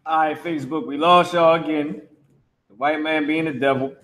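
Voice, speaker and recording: Man, live online teacher, casual, a bit high voice, repeats himself. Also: fairly even intonation, moderate pace, a bit bright, a little hiss or hum. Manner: casual, repeats himself, curses when the stream drops. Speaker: language teacher. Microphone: streaming to Facebook and YouTube.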